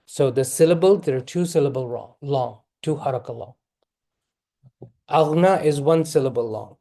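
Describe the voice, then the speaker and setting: A man teaching tajweed, patiently correcting students and modeling the recitation slowly. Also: mid-range voice, mellow.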